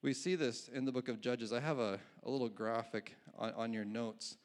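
A man's voice: medium pitch, fairly even intonation, moderate pace. A male pastor giving a conversational sermon, often restarting his phrases and chuckling at his own asides.

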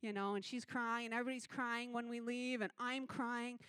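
Animated woman preaching a missions testimony. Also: a little high, moderate pace, clear, resonant tone, no echo. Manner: animated storytelling, acting out quoted voices. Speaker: youth minister.

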